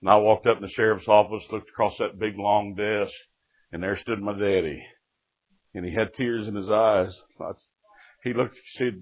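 A man's voice: on the low side, steady tone, normal speed. Folksy preacher man. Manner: folksy storytelling with acted-out quotes and sudden jumps in loudness. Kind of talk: testimony sermon. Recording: dull lo-fi recording.

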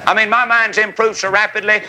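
A man preaching a revival sermon in a tent, folksy and fiery, rising to shouts, with a congregation calling back amens. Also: high voice, level tone, a little fast, slight background noise, rough recording. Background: congregation calling amen.

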